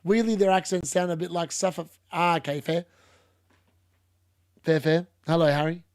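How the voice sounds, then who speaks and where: A man's voice: fairly high pitch, steady tone, normal speed, no echo, studio quality. A young man streaming a live football watchalong, chatting casually, laughing and reading out chat. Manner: casual, chatty, laughs often, uses "mate".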